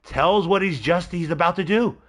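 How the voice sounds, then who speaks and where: A man with a slightly high, nasal voice hosts a live wrestling game stream. He rambles excitedly through the play-by-play and calls out to his viewers as he goes. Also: normal speed. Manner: excitable, rambling, talks to a chat member by name. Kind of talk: casual live gameplay commentary.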